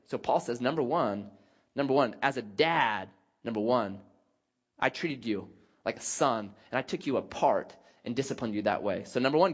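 A man's voice: mid-range voice, husky, muffled recording. A man preaching a sermon, telling a story and acting out the people in it. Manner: animated, acts out scenes with shouted quotes. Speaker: pastor.

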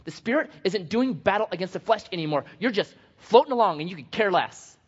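Lively, animated male pastor preaching. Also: high voice, a little fast, slightly rough. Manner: animated and joking, swings from loud to hushed. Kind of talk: sermon. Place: church sanctuary. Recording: dull sound with long hall reverb.

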